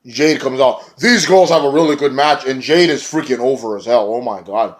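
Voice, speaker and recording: A wrestling reviewer, male, with a medium pitch and normal pace, rambles loosely through a casual recap vlog. He gets excited and swears freely, often trailing off or starting his thoughts over.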